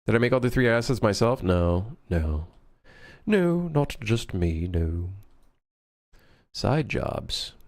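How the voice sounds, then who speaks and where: A man with a lowish voice chatting live while he works on his game. He rambles from thought to thought, cracks jokes and swears freely. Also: big pitch swings, slow, pauses often. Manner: rambling, jokey, swears freely, thinks out loud. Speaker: game developer streaming. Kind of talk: casual live-stream chat.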